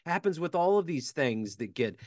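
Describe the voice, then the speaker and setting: A man's voice: fairly high pitch, very animated, normal speed, a little mellow, no room sound, studio quality. A man hosting a casual interview, friendly and rambling, often trailing off mid-thought. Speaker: interview host.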